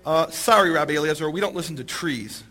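A man voicing a group of scholars who flatly refuse to be moved. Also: fairly high pitch, fast, faint music behind. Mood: dismissive. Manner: flat, apologetic refusal. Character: group of dismissive male scholars, unmoved.

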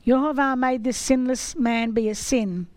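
A woman giving a sermon, reading scripture in a slow, measured way. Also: high voice, fairly even intonation, dry recording, low-quality recording. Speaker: teacher of scripture.

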